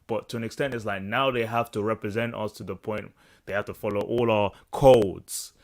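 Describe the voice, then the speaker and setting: Low-voiced British man, casual panel talk. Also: no room sound. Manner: animated, halting with restarts. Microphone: headset over video call.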